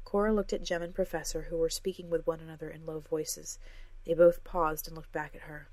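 A woman's voice: low-pitched, little pitch movement, a little fast, darkish tone, no room sound. A woman reading a fantasy story aloud as scripted narration, raising her voice for the characters' lines. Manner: reads every character herself, lifting her voice for dialogue.

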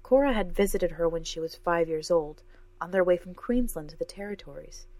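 A woman's voice: on the low side, expressive, brisk, warm tone, no room sound. A woman reading a fantasy story aloud as scripted narration, raising her voice for the characters' lines. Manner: reads every character herself, lifting her voice for dialogue.

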